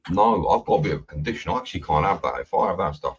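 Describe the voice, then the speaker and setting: A man guest, excitable and rambling, repeating his words. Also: low-pitched, rapid-fire, husky. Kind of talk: casual chat. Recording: muffled lo-fi mic.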